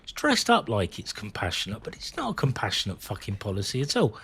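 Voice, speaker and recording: Casual streamer in his forties, slightly low voice, rambling, candid chat. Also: wildly swooping pitch, brisk, noisy background. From England. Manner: rambling, candid, swears freely. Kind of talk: casual chat while gaming.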